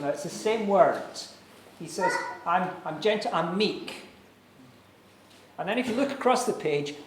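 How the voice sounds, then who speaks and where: High-voiced man preaching in echoey church. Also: a little hiss or hum. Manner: earnest, persuasive preaching with dramatic pauses. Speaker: pastor. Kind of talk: sermon. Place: church hall.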